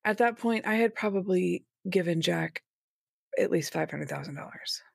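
A woman's voice: fairly low pitch, expressive, moderate pace, gravelly, breathy edge, dry recording, studio quality. A woman speaking as a guest on an interview podcast, recounting her experiences in a frank, conversational way. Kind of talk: interview storytelling.

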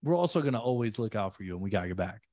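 A man's voice: lowish voice, big pitch swings, rapid-fire, a little mellow, no echo. A man co-hosting a casual rewatch podcast, earnest and chummy, talking about friendship. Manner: earnest and chummy, says "dude" and "man" a lot. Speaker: podcast co-host.

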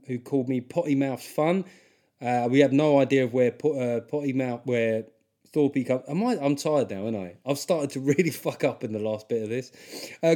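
A man's voice: mid-range voice, mellow. A man with a South London accent hosting his podcast, rambling, self-deprecating and jokey. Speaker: podcast host. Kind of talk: casual monologue.

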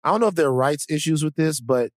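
Male podcast co-host: blunt, animated, stammery, swears casually, dry close mic. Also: fairly high pitch, fast, no echo.

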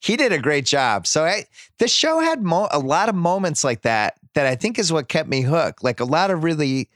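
A man hosting a podcast, casually recapping a TV series and acting out scenes with quick put-on voices. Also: fairly high pitch, no echo, clean studio sound. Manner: animated retelling, acts out scenes in quick voices. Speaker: podcast host.

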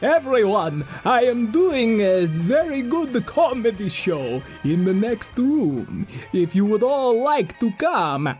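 A man voicing a showy male vampire who invites everyone in a grand, drawn-out way. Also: high-pitched, sing-song, a little mellow, soft background music, heavily acted. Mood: inviting. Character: showy male vampire hosting a comedy show.

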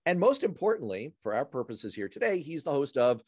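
A man hosting a radio talk show and podcast, animated and jokey, introducing and interviewing a guest. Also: mid-range voice, slightly rough, no echo, clean studio sound. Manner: animated, jokey, quick asides. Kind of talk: casual interview chat.

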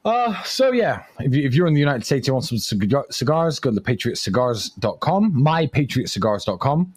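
A man's voice: medium pitch, sing-song, normal speed, husky, dry recording. A man in casual joking chat, with a teasing and playful manner. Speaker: guest.

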